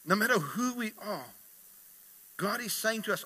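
A man preaching a sermon, speaking with passion and getting louder as he retells the stories. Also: sits high, expressive, normal speed, long pauses. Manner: impassioned, rising in volume when retelling stories. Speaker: pastor.

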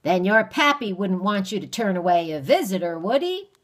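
A woman's voice: mid-range voice, big pitch swings, normal speed, voice pushed up. A woman voicing a heavy-set, bearded backwoods stranger who is sly and cheerful, talking in a folksy drawl. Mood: folksy coaxing.

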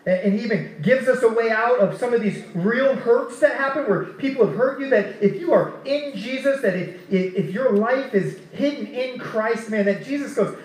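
A male pastor with a fairly high voice, preaching in a loose, conversational way and tossing in "man" as he goes. The room around him rings with a noticeable echo. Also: lively intonation, moderate pace, hardly any pauses. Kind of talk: sermon. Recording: roomy echo.

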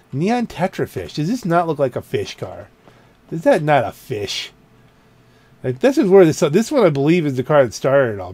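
Touring his in-game car garage, this man talks at a medium pitch with a darkish tone. As a gaming channel host doing casual let's-play commentary, he's chatty and rambling, often pausing to fix what he just said.

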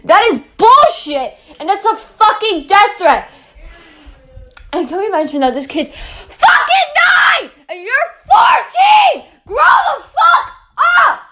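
A woman delivering an angry podcast rant, swearing heavily and yelling, her voice breaking near tears. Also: sits high.

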